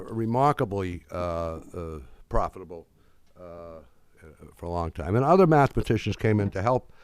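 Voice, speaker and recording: Man, lower voice, dry close sound; public lecturer who tells stories and voices the people in them. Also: a little mellow, smooth, dry recording. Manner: conversational, acts out quoted dialogue. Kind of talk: public lecture, anecdotal storytelling.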